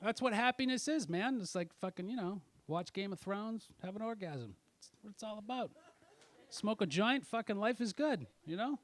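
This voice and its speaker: A man doing stand-up comedy with crowd work, swearing constantly and swinging from muttered asides to loud angry outbursts. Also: high-pitched, expressive, normal speed.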